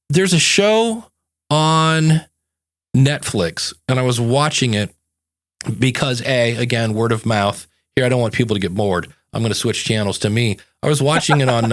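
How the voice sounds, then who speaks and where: Rambling, animated male podcast host. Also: medium pitch. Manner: rambling, animated storytelling with acted-out asides. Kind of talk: casual chat.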